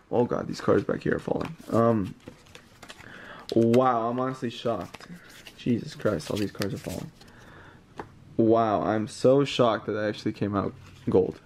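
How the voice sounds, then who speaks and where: A man giving casual unboxing commentary, reading card names aloud and getting excited over rare pulls, with words like bro and mate. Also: lowish voice, measured pace, long pauses, slight background noise. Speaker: card collector opening booster packs.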